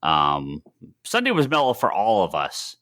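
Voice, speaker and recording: A man co-hosting a casual podcast chat, telling an animated story with many restarts. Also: low voice, measured pace. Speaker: podcast co-host.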